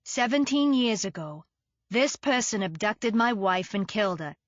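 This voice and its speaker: A woman voicing a grieving widower who speaks calmly and bitterly. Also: mid-range voice, no echo, dull audio, close to an everyday voice. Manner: calm, measured, bitter.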